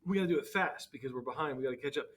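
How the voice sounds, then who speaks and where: A man's voice: mid-range voice, racing. A man who teaches history, co-hosting a podcast in casual chat with wry, joking asides.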